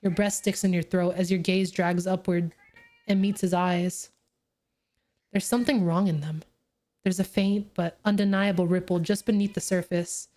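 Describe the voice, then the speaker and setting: A woman's voice: fairly low pitch, flat delivery, normal speed, warm tone. A young woman streaming a story game who reads the text aloud, laughs often, swears and chats to her cat while she plays.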